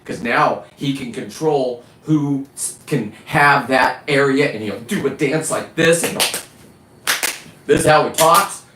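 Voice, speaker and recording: A man's voice: medium pitch, a little slow, roomy sound, background noise. A middle-aged man hosting a live stream, ranting in a blunt, profane, rambling way. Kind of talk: casual live-stream rant.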